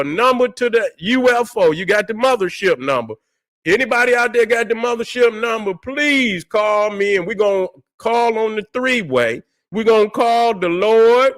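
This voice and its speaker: A channel host with a high-pitched voice launches into a profane livestream rant, loud, fiery and repetitive, swearing constantly. He calls out to viewers and at times drawls in a mocking way.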